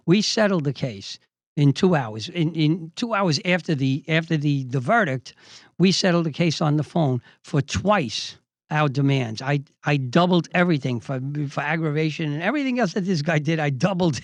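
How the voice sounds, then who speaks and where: With evident enjoyment, an older man, a judge acting as host, performs the back-and-forth of a courtroom tale from when he practiced as a trial lawyer. He speaks at a normal speed in a fairly high pitch, and there's no echo.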